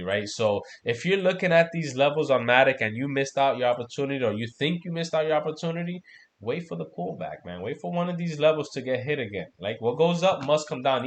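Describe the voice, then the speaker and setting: A man's voice: medium pitch, a little hiss or hum. A man hosting a casual trading livestream, talking loosely and profanely while going over charts, peppering his talk with "man" and "right?". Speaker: crypto trading stream host.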